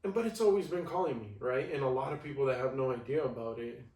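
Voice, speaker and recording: A man speaking in relaxed, casual conversation, often checking in with "right?". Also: mid-range voice, fast talker. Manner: relaxed, ends thoughts with "right?". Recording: roomy, distant mic.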